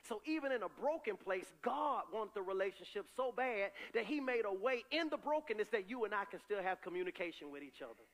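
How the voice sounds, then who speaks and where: A man preaching a sermon as pastor, animated and conversational, swinging between loud cries and quiet asides. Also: high voice, brisk, few pauses.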